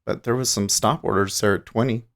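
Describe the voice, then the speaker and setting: A man with a low, gravelly voice hosts a day trading livestream from his trading desk. He thinks out loud in a relaxed, drowsy way, rambling between market remarks. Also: fairly quick. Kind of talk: casual live market commentary. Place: home trading desk with large screens.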